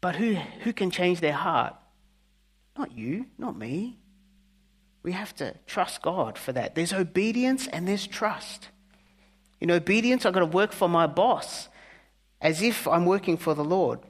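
A male pastor preaching a conversational sermon, earnest, with humorous asides and soft, hushed key words. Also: high-pitched, animated, measured pace, pauses often. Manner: earnest, softening to near-whispers on key words.

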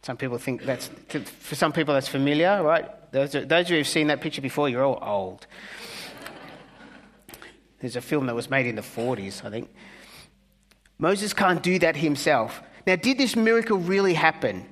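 A male pastor preaching a conversational sermon, earnest, with humorous asides and soft, hushed key words. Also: a little high, expressive, moderate pace, slight background noise. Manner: earnest, softening to near-whispers on key words.

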